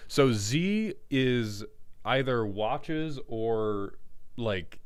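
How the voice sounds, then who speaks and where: Man, streamer, smooth voice, casual rambling chat with viewers, jokey tone. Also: lowish voice. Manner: rambling, jokey, self-interrupting.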